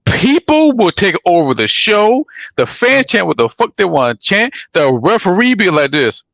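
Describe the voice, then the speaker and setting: A man co-hosting a podcast, talking in a rambling, profane, animated way with many restarts. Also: high voice, normal speed, vocal fry, no room sound. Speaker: podcast co-host. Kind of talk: casual chat about pro wrestling.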